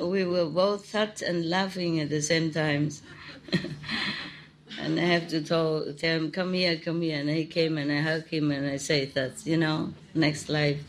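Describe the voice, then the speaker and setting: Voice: mid-range voice, a bit bright, a little hiss or hum, poor audio. A spiritual teacher giving an informal talk full of anecdotes, in simple non-native English phrasing, often laughing and repeating words.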